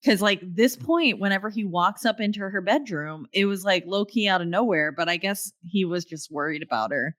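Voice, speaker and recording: A woman's voice: medium pitch, expressive, moderate pace, few pauses, a bit bright, no room sound, clean studio sound. A woman co-hosting a podcast, casually recapping a horror film plot with fillers and little acted-out lines. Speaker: podcast co-host.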